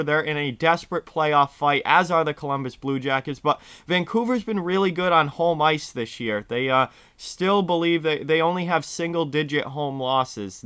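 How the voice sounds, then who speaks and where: A man hosting a hockey picks show in a casual, chatty way, talking straight to viewers, his voice hoarse from yelling. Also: fairly high pitch, no echo. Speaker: sports picks show host.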